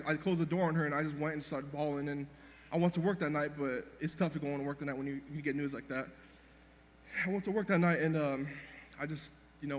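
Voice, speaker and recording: A grieving young man speaks quickly at a memorial in a reverberant church hall, a touch higher-voiced than most men. His talk rambles and stalls with restarts and fillers. A faint hum sits under the long echo. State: emotional, grieving. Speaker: grandson giving a eulogy. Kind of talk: unscripted memorial speech.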